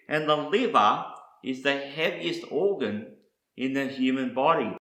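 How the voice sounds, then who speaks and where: A man teaches in a slow, measured delivery, laying out each word meaning one by one. His voice is bright and forward. The room around him gives back a clear echo. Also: medium pitch. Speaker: Bible teacher.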